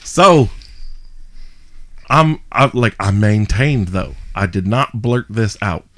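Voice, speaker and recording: Animated man telling a bright story. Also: lowish voice, slow pace. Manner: animated, frequent laughter, self-mocking. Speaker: podcast host. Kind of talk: casual storytelling.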